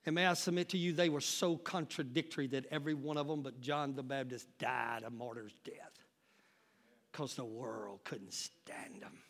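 A man preaching a sermon as pastor, calling out to the congregation and building up to shouts. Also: medium pitch.

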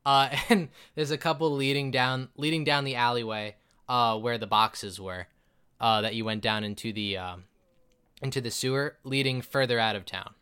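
A man's voice: mid-range voice, fairly even intonation, moderate pace, pushed and bright, clean tone. A man narrating a tabletop game as game master, loose and rambling, laughing easily.

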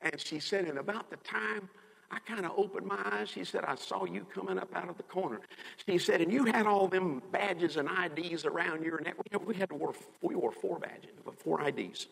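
Preacher guy, gravelly and a bit husky, preaching big, echo of a long church hall. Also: sits high, normal speed, a bit bright. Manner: emphatic, quotes others in a raised dramatic voice. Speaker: pastor. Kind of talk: sermon. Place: church sanctuary.

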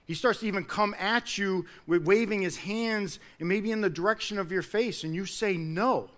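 A man preaching a sermon in an earnest manner, building to loud emphatic peaks and then dropping low. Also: normal speed.

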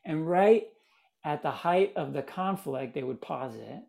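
A man from Miami, a guest in an interview, telling stories in a lively, casual way. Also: a little high, a little slow, gravelly. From Miami, United States. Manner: animated, acts out quoted voices. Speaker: guest, theater maker.

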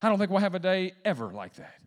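A man pastor preaching a sermon to a congregation, with call-and-response lines and sudden swings between hushed talk and loud emphasis. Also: high-pitched, very animated, fast. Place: church sanctuary. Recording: long hall reverb.

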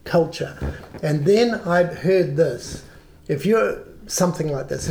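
An older man with a New Zealand accent, a guest telling stories in a relaxed, halting way. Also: a little high, creaky. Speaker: guest, worship songwriter. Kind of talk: reflective storytelling in conversation.

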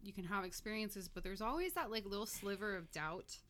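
A woman's voice: mid-range voice, expressive, a little fast, a bit bright, slight background noise. Chatty, blunt young woman host. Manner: chatty, blunt, swears freely. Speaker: podcast host. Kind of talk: casual podcast chat.

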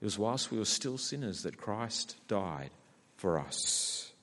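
A man with an Australian accent preaching a sermon, acting out a sulky character's complaints in a lively way. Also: lowish voice, takes it slowly. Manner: animated, acts out Jonah's whiny complaints. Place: church hall. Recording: long hall reverb.

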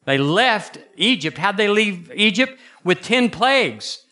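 A male pastor preaching in a folksy, animated way. His voice is bright and forceful, sitting a little high for a man. He leaps upward for emphasis and drops low to drive a point home. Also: takes it slowly. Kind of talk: sermon.

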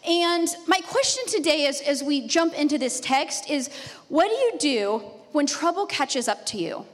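A woman in her thirties preaching a sermon as a pastor, a lively storyteller who laughs often. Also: sits high, normal speed. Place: church sanctuary. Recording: long reverb of a church hall.

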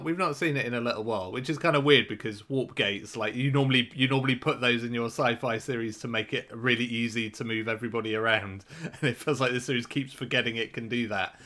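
Laid-back man, bright voice. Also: medium pitch, fast talker. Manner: laid-back, chuckling, restarts often. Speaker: podcast co-host. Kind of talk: casual chat.

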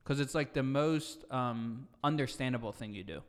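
A man with a mid-range voice co-hosts a casual podcast. He answers with dry, deadpan comebacks, and a long reverb lingers after his words. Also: medium pitch, moderate pace. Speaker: podcast co-host. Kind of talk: casual chat.

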